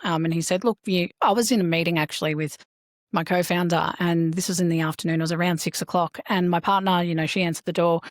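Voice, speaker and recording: Woman, podcast host, lively storyteller, dry close mic. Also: on the low side, fast, no room sound. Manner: lively storyteller, acts out the people she quotes. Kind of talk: casual podcast chat.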